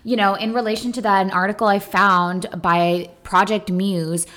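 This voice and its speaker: A woman's voice: medium pitch, steady tone, normal speed, fairly bright tone. A young adult woman co-hosting a podcast, talking emphatically and posing rhetorical questions. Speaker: podcast co-host. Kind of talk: casual podcast discussion.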